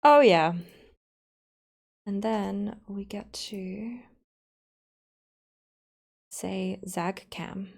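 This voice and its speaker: A woman streamer chats casually with her viewers while editing a video, narrating every step with playful asides. Her mid-range voice is level and a little mellow, with drawn-out words, vocal fry, and long pauses.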